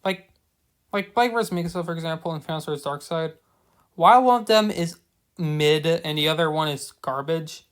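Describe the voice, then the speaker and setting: A young man giving a ranting episode review, stammering and restarting often, swinging between loud outbursts and quiet mumbling. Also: on the high side. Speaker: show reviewer.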